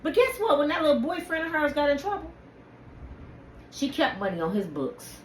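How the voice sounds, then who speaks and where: Heated, preachy woman with a lively high voice. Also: normal speed. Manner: heated, preachy, addresses viewers directly. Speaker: channel host. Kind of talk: impassioned personal rant to camera. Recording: echoey room with faint ambient noise.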